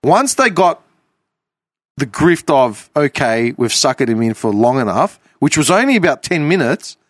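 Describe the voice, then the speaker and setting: A man hosting a podcast, telling a story in an animated, casual way with some swearing. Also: medium pitch, no echo, clean studio sound. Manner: animated, swearing, quick bursts of laughter. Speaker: podcast host.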